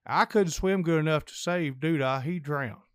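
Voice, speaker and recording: A worried, dripping man stammers and stutters through his words, as an older man acts him out in a joke. The voice sits high for a man. It sounds dry and close. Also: normal speed, clean tone, no echo, close to an everyday voice. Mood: stammering, worried.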